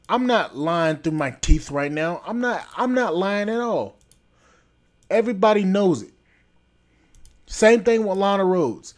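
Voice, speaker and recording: A man's voice: on the high side, a little mellow. A man hosting a podcast, delivering a blunt, repetitive, scolding opinion rant. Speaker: podcast host.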